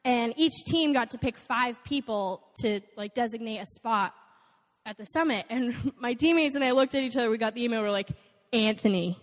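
A young woman with a somewhat high voice tells stories to an audience, acting out the people she quotes. She gets animated and quick. Her voice rings with a long reverb, as in a large hall. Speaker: nonprofit volunteer speaker. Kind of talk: storytelling talk to an audience.

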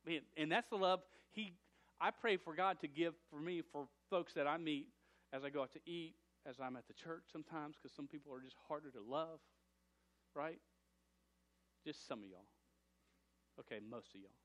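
A male pastor preaching with animated energy, often restarting and repeating words as he goes. His voice sits fairly high for a man. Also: moderate pace, pauses often. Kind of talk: sermon.

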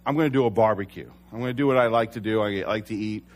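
A middle-aged man preaching in a church, telling a personal story with animated delivery and self-deprecating humor. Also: lowish voice, quick pace. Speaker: pastor.

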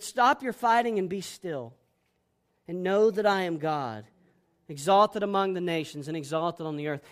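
A man preaching a sermon as pastor, boisterous and emphatic, swinging between loud declarations and hushed, soft passages. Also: very high-pitched.

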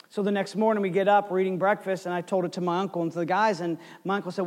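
High-voiced preacher man in a big echoing hall. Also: fast, few pauses. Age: 40s. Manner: storytelling with lively swings between loud and hushed. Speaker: pastor. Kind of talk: sermon.

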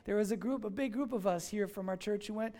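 A male pastor giving a sermon, telling a story with lively voiced dialogue. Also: high-pitched, quick pace. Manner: animated storytelling, acting out dialogue.

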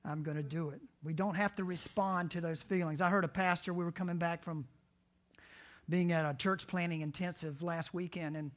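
A pastor preaching a sermon, earnest and conversational, often asking the congregation direct questions. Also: male voice, sits high, fairly even intonation, moderate pace.

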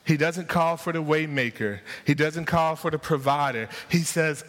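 A man's voice: on the high side, normal speed, hardly any pauses, a bit bright. A man preaching a sermon to his congregation, rousing them with repeated rhetorical questions. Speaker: pastor. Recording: long hall reverb.

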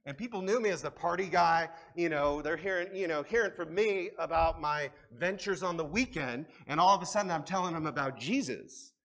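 Impassioned preaching man, higher voice. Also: a little fast, creaky, hardly any pauses. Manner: impassioned, swings from hushed to emphatic; repeated rhetorical questions. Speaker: pastor. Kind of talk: sermon with personal testimony. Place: church service.

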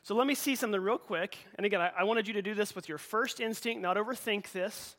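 A man's voice: sits high, fast, a bit bright. A middle-aged male pastor preaching a sermon in a church, in a conversational way with frequent repeated words and restarts. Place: church sanctuary.

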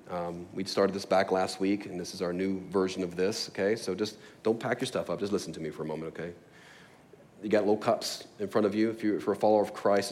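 In a church sanctuary, a pastor delivers his sermon in a fairly low, darkish voice. His talk is conversational and full of laughter, rising at times into emphatic stretches.

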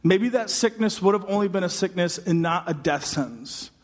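High-voiced preacher in a reverberant hall. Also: male voice, expressive, normal speed. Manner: dramatic, acts out voices, builds to shouting. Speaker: pastor. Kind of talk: sermon.

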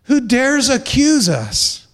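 A man's voice: very high voice, wildly swooping pitch, slow, fairly bright tone. A man preaching a sermon as pastor, emphatic, stressing points through repeated phrases and joking lightly with the congregation.

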